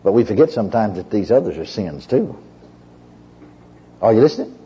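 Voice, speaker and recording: Male preacher telling his testimony from the pulpit, folksy and rambling, animated swinging pitch, muffled old recording. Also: fairly quick, husky. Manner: folksy storyteller, repeats "you know", restarts often. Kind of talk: sermon with personal testimony.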